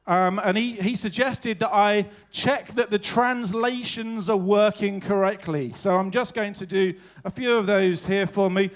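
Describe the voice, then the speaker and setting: A man hosting a live evening show, chatting with the audience in a self-mocking, jokey way. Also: high voice. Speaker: stage host introducing acts. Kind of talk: comic stage banter with the audience. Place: stage at a live evening event.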